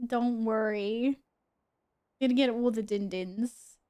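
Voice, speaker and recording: A young woman streams a game from home, chatting casually with viewers, giggling and talking to her cat. Her voice is fairly high-pitched at a moderate pace.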